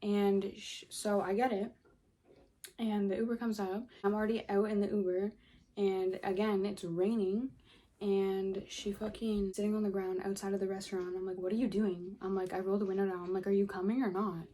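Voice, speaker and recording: A young woman vlogger tells a story in a casual, exasperated way, cursing often and saying "like" constantly. Her mid-range voice is warm but flat, at a normal speed.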